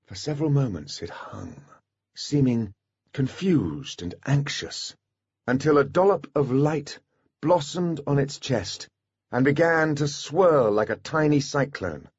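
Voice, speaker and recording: A man narrating an audiobook in a scripted, expressive storytelling manner. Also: medium pitch, a little slow, husky, no echo, dull audio.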